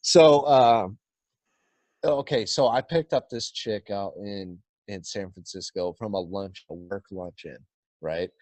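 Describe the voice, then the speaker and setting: A man's voice: lowish voice, takes it slowly, darkish tone, no room sound. A young man with a Californian accent, telling a profane, blunt story in casual podcast chat. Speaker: podcast guest.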